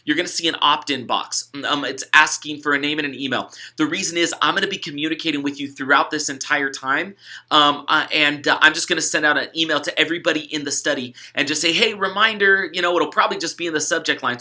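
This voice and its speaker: A man's voice: on the high side, pushed and bright. A young adult man, an author, chatting casually and upbeat as he explains a gratitude study to participants, with fillers and restarts. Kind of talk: casual instructional video talk.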